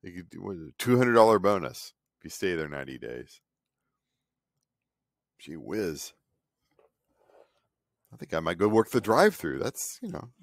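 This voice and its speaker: A man's voice: sits low, big pitch swings, normal speed, gravelly, long pauses, no echo. A man in his fifties, an artist vlogger, talking in a cranky, sarcastic, rambling way and mocking other people. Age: 50s. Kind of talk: casual rambling monologue. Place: home studio.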